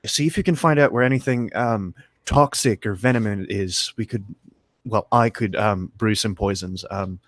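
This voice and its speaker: A man playing a tabletop game, stammering and halting between ideas. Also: fairly low pitch, no room sound. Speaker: player.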